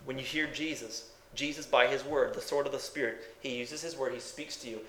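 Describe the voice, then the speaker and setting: A man's voice: medium pitch, fairly even intonation, fairly quick, bright, forceful tone, roomy sound, slight background noise. A man preaching a sermon in a folksy, emphatic way. He asks the congregation questions and then answers them himself. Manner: folksy, says "ain't", builds to emphatic bursts.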